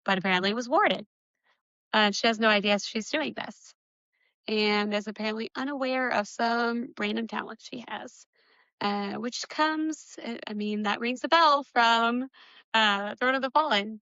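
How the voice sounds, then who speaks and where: A bright-voiced young woman chats her way through a book recap, full of "like" and "um" and quick laughs. The sound is close and dry, a little dull and lo-fi. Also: fairly high pitch, dry recording. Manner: chatty recapping with giggles and filler words. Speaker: book podcast co-host. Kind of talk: casual book discussion.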